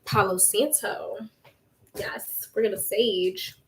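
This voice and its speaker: A young woman hosting a casual livestream from home, reading viewer comments and chatting, with a strong voice that has some bass to it. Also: fairly even intonation, takes it slowly, recorded from a distance. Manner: chatty, reads viewer comments aloud, laughs often. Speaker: livestream host. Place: room at home. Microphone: laptop mic. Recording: echoey room, talking from off the laptop mic.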